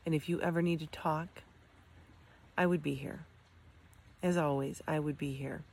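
Low, husky and a little mellow, this middle-aged woman's voice holds a steady tone at a moderate pace, with some vocal fry. An amputee, she shares her experience in a heartfelt motivational talk, earnest and encouraging, often restarting and saying um.

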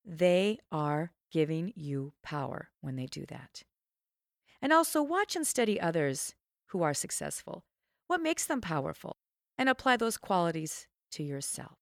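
A woman's voice: measured pace, creaky, no echo, studio quality. Emphatic woman host, punchy coaching tone. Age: middle-aged. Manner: emphatic, animated coaching tone with sudden high swoops. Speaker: podcast host and trainer. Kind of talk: self-help podcast monologue.

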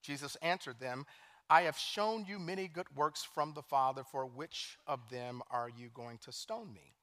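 A man preaching a sermon as pastor, animated, swinging from hushed scripture quotes to loud emphasis. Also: medium pitch, a little slow. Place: church sanctuary.

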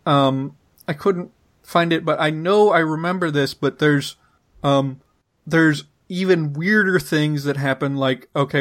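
A man co-hosting a podcast, who talks slowly and a little high. He often stops to search for the right word, filling the gaps and starting his sentences over as he chats. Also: fairly bright tone. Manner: hesitant, many fillers and restarts. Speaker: podcast co-host. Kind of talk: casual linguistics discussion.

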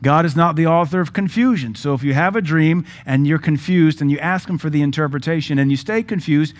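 A man preaching a sermon as pastor, emphatic and joking, with sudden louder bursts. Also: on the high side, a little fast.

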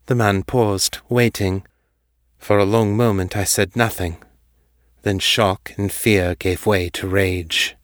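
A man narrates a dark urban fantasy novel in a measured, even storyteller's voice. His tone sits low and the recording is close and dry, with no room sound. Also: dry recording. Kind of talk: scripted audiobook narration.

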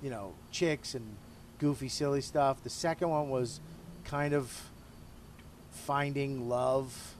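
A middle-aged comedian takes it slowly in a mid-range voice as he smokes a cigar during a casual interview, talking about himself candidly, profanely and self-deprecatingly. Slight background noise can be heard.

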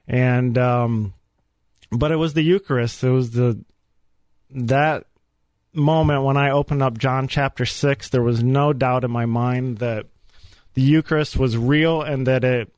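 A man giving an earnest, animated personal faith testimony as a guest on a radio show. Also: medium pitch, a little slow, dry recording. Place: radio studio.

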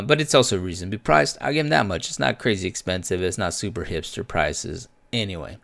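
A man's voice: sits low, a bit bright, dry recording. A man casually telling a story in a laid-back, profane way, full of slang and stray Spanish words, sipping a beer as he goes. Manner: sips a beer while talking.

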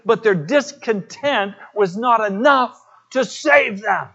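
High-pitched pastor preaching real slow, earnest storytelling, kinda dull lo-fi recording. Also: male voice, lively intonation, sharp tone. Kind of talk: sermon with personal anecdotes.

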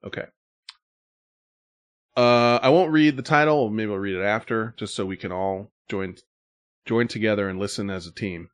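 A man's voice: lowish voice, normal speed, long pauses, clear, resonant tone, no echo. A man hosting a show, chatting casually and joking loosely, with the odd swear. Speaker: show host. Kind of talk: casual radio-show banter.

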